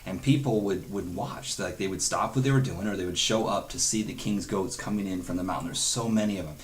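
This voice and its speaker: Low-voiced man teaching a Bible study. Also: a little fast. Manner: earnest and conversational, with chuckles and quoted asides.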